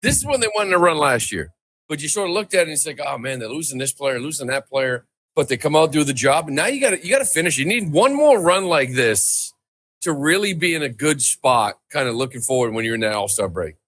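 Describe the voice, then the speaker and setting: A man's voice: a little high, very animated, fast talker, a bit bright. A man who once played third base in the big leagues, giving upbeat takes on the team's run. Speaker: podcast guest, former player. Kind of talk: casual sports analysis.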